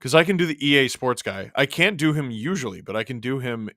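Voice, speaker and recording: A man hosting a live stream, casually calling a hockey game and chatting, his voice worn a little deeper from long talking. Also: animated, a little fast, hardly any pauses, pushed and bright, no echo, studio quality. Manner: chatty, reacting to the game and chat as it happens. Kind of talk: casual live play-by-play and chat.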